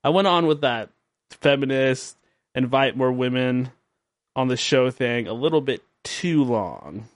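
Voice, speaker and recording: A man's voice: mid-range voice, expressive, unhurried, no room sound. A man hosting his own late-night podcast, rambling and joking at his own expense, tired and drowsy. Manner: rambling, joking, self-mocking. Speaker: podcast host. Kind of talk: late-night radio show monologue.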